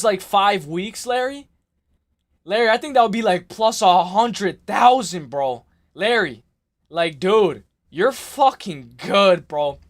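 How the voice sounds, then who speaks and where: Excitable high-voiced young man rambling. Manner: excitable, rambling, repeats himself, says "like" and "bro" a lot. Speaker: livestream host. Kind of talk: casual livestream chat.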